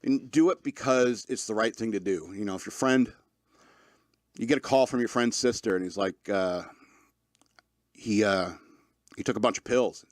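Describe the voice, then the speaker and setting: A man's voice: on the low side, normal speed, pauses often, dry recording, studio quality. A man in his thirties hosting a podcast, rambling loosely through a casual monologue, joking and laughing often, with lots of fillers. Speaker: podcast host.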